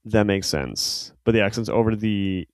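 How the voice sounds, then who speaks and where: Male podcast co-host, loose and rambling, slightly low voice. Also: normal speed, dry recording. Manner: rambling, filler-heavy, self-correcting. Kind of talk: casual football chat.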